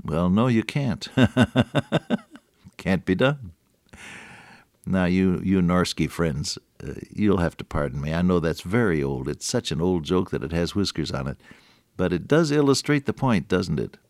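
Male radio preacher, deep voice, dry close mic, storytelling sermon with emphatic build-ups. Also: lively intonation, a little slow, darkish tone, no room sound. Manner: earnest, rises to emphatic peaks; conversational, with chuckles and restarts.

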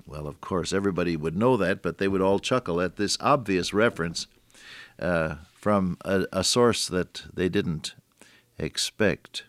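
An older man giving a folksy, earnest radio sermon, reading scripture slowly and solemnly. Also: low-pitched, dry recording. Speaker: radio preacher.

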